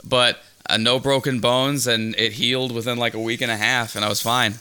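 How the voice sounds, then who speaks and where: Crisp-voiced man telling a rambling story. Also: medium pitch, little pitch movement, normal speed, sharp tone. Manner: rambling, jokey storytelling with repeated restarts. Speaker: podcast co-host. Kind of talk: casual chat.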